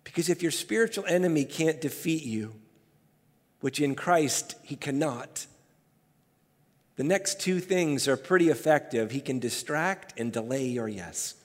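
A man preaching a sermon as pastor, emphatic and building to loud peaks. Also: a little high, animated, unhurried. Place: church sanctuary. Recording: hall reverb.

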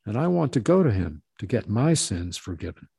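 A man's voice: lowish voice, big pitch swings, normal speed, creaky, mellow, slightly rough, no echo, studio quality, full character voice. A man voicing a drunken peasant thief who begs and insists, in a raised, emphatic voice. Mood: pleading.

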